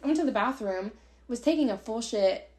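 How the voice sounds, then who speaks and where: A woman in her twenties telling a story in casual podcast chat, animated, swearing freely and acting out quotes. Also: fairly high pitch, fairly quick. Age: 20s. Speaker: podcast co-host.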